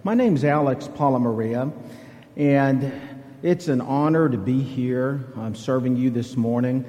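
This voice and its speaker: A man's voice: medium pitch, unhurried, mellow. Southern-accented man preaching in a reverberant church. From Alabama. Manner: joking, folksy storytelling. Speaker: guest preacher. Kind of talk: conversational sermon. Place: church sanctuary.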